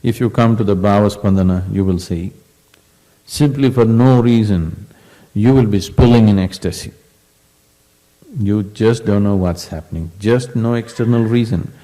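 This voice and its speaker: A man as a spiritual teacher giving an emphatic storytelling discourse, dropping to a soft voice at times. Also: on the low side, moderate pace, long reverb tail, low-quality recording. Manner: storytelling, acting out quoted voices.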